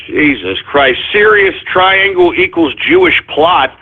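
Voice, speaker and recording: A man's voice: high-pitched, animated, slow pace. Brash profane man on a tinny line. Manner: brash, profane and mocking, with sudden shouts. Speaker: radio show host. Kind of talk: live internet radio rant. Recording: tinny phone-like lo-fi sound.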